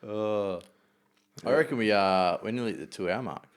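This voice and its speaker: Laid-back podcast host. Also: male voice, on the low side, moderate pace, smooth. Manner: laid-back, short agreeing replies, swears casually. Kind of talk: casual podcast chat.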